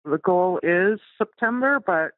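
A woman's voice: fairly low pitch, expressive, measured pace, no room sound. A woman from Canada calling in to a show, speaking hesitantly. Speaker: caller. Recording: tinny phone line.

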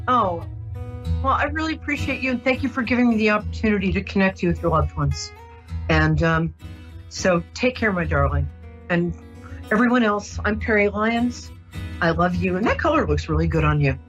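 A woman hosting a psychic radio show, talking gently and reassuringly with many ums and restarts. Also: medium pitch, lively intonation, normal speed, dull audio, soft background music. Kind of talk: casual radio psychic reading.

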